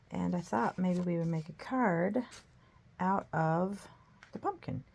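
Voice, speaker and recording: A woman's voice: fairly low pitch, vocal fry, darkish tone. A middle-aged woman hosting a casual art tutorial, chatting in a rambling, self-deprecating way as she works. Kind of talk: casual crafting tutorial chat.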